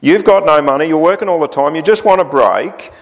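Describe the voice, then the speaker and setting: A man preaching a sermon, voicing the psalmist's complaints with lively rises. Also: fairly high pitch, brisk.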